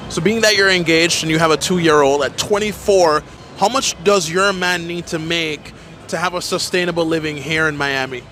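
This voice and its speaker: A man's voice: on the high side, moderate pace, pushed and bright, a little hiss or hum. A man interviewing people on the street with short, blunt questions.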